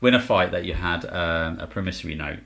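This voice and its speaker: A man's voice: fairly quick, creaky. A man chatting casually on a board game podcast, telling stories and acting out quotes. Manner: animated storytelling, acts out quotes in higher voice. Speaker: podcast co-host. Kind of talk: casual chat about board games.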